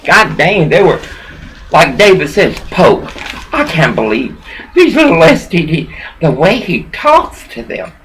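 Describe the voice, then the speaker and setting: A woman's voice: on the low side, sing-song, measured pace, a little hiss or hum, poor audio. Rambling, preachy woman on laptop webcam. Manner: preachy, emotional, swinging between laughing and bitter. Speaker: vlogger. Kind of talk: rambling personal monologue.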